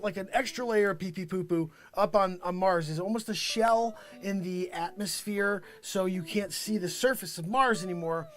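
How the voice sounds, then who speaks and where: A man's voice: high voice, fairly bright tone. A man hosting a comedy show, improvising a brash salesman monologue and switching between characters.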